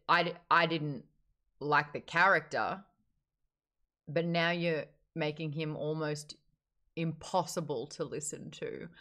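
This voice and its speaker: A woman's voice: lowish voice, a bit bright. A woman hosting a casual online book chat, reviewing a novel candidly and reading out viewer comments, with wry remarks and frequent laughs.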